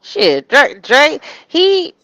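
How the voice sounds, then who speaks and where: A woman's voice: high voice, sing-song, drawn-out words, a bit bright, no room sound. Woman co-host chatting on a commentary show, rambly, dry close sound. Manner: rambling, hesitant starts. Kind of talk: casual commentary.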